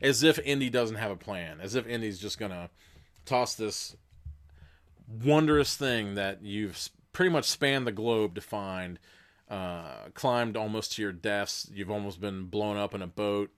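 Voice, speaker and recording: A man's voice: lowish voice, unhurried. A young man hosting a live gamebook session, reading aloud and chatting casually, laughing often and swearing now and then. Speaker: host and narrator of a gamebook played live with chat votes.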